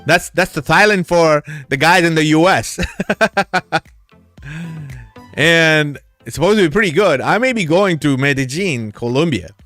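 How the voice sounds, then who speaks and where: Excitable man telling stories, dry sound. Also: fairly high pitch, unhurried, long pauses, no echo, faint music behind. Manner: excitable, laughs often, swears freely. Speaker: crypto channel host. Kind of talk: casual storytelling.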